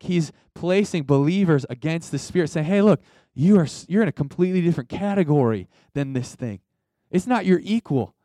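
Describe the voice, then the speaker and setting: A man's voice: on the high side, a little mellow, no room sound. A young man preaching a sermon in a conversational, emphatic way, calling out to the congregation for responses. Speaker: pastor.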